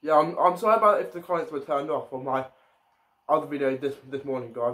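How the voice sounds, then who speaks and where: A man's voice: fairly high pitch, fairly even intonation, quick pace, fairly bright tone. A man giving casual let's-play commentary as a gaming YouTuber, often stumbling and repeating his words.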